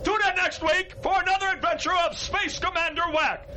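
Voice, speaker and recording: A man voicing a dim, dizzy space quarterback villain who shouts football calls and gets confused. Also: very high voice, steady tone, fairly quick, a little hiss or hum, heavily acted. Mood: demanding.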